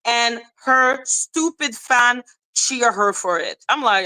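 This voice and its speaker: A woman's voice: on the high side, slow pace, sharp tone, clean tone, low-quality recording. A woman hosting a commentary livestream, ranting in a profane, sarcastic and scornful way. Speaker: commentary channel host. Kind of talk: livestream rant.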